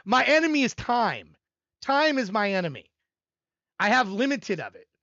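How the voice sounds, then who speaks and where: Lively, bright-voiced older man rambling on stream. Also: very high-pitched, moderate pace, no room sound, dull audio. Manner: self-deprecating, rambling, laughs often. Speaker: livestream host reviewing music submissions. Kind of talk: rambling live-stream chat. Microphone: desk microphone.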